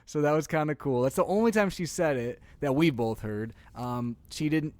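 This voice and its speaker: Casting note: young male podcast co-host, lively storyteller, dry close sound. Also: on the high side, normal speed, no echo. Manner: animated storytelling, laughs often. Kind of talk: casual chat.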